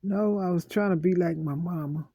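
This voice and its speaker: Aggrieved woman repeating herself, warm dry voice. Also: on the low side, husky, no echo. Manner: aggrieved, repeats phrases over and over; slow, heavy pauses. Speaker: vlogger. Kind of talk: emotional personal monologue.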